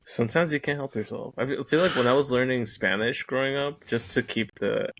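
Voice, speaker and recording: A man appearing as a guest on a film review podcast, talking in a relaxed, thoughtful way. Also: medium pitch, fairly quick, slight background noise. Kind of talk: casual film review chat.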